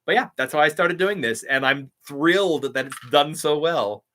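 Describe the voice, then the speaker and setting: A young man, a YouTube impressionist, chats casually on a live stream in a slightly high, sharp-toned voice at moderate pace. Upbeat, he reads viewer comments aloud and thanks people.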